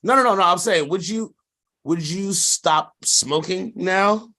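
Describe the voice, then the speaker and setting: A man's voice: sits high, a little slow, sharp tone. A man co-hosting a sports podcast in casual chat, rambling with lots of fillers and slang and laughing often. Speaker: podcast co-host.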